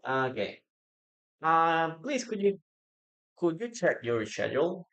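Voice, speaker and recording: Teacher on a live lesson, unhurried, drilling words one by one, roomy echo. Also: mid-range voice, big pitch swings, a bit bright. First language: Spanish. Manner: repeats words slowly for pronunciation, reads out chat. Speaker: English teacher. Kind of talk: live-streamed English lesson.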